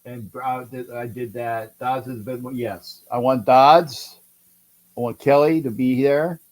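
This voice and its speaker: A middle-aged man hosting a livestream, calling a football game and answering chat, excitable and repeating himself as he urges his team on. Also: medium pitch, slow. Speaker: livestream host. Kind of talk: live game-watch commentary with chat.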